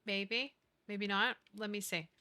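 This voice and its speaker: A woman streamer in casual live-stream chat as she plays, gushing over whatever she sees. Her voice is very bright and sharp, with sudden gasps and cutesy baby talk. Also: medium pitch, fairly even intonation, slow. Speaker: game streamer.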